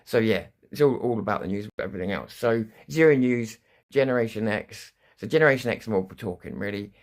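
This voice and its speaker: A man's voice: fairly low pitch, a little fast. A man hosting a live stream, talking in a rambling way, restarting sentences and swearing freely. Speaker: livestream news host. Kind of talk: casual live-stream monologue.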